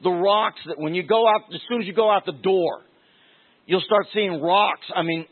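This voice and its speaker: Guy preaching a sermon, kinda high voice, repeats his main lines, sounds like over a phone. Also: normal speed, phone-quality sound. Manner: conversational, repeats key phrases for emphasis.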